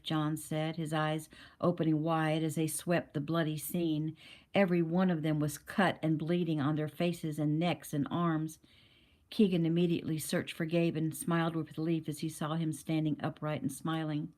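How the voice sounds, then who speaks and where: Woman narrating a novel, steady reading, slightly low voice. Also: moderate pace. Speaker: audiobook narrator.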